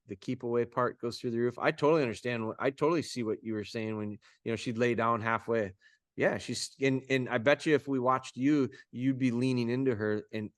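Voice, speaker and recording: A man coaching dog owners over a video call, talking in an informal, folksy way with quick restarts. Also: mid-range voice, fairly bright tone, no echo, clean studio sound. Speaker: dog trainer coaching clients.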